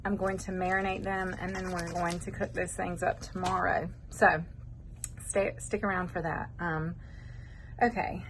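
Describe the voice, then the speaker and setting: A woman's voice: lowish voice, level tone, a little slow, a bit bright, a little hiss or hum, poor audio. Rambling woman cooking at home. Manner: chatty, rambling, wanders off topic. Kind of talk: casual cooking chat. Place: home kitchen.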